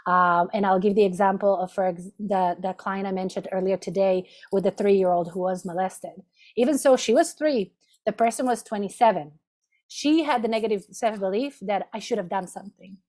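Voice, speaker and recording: A woman's voice: medium pitch, normal speed, darkish tone. A woman therapist giving a lunch-and-learn talk over a video call, explaining step by step and often checking in with "right?". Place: home office, video call.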